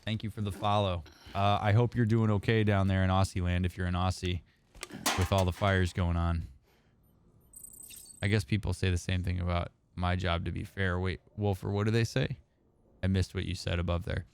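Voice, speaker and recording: A man with a fairly low voice, from Indiana, talks casually through a gaming livestream as a therapist host. He reads and answers his chat in a relaxed, chatty way, with a faint hum of background noise. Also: moderate pace, vocal fry. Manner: chatty, answers chat messages as they come. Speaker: therapist streamer.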